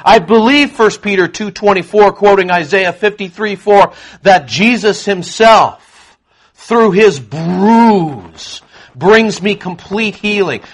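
A man preaching a sermon to a congregation, emphatic, swinging between quiet asides and loud proclamation. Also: sits high, takes it slowly. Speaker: pastor.

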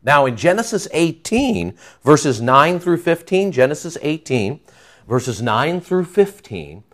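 A man's voice: on the high side, big pitch swings, takes it slowly. A middle-aged man preaching a conversational, emphatic sermon with frequent asides to the congregation. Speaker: pastor.

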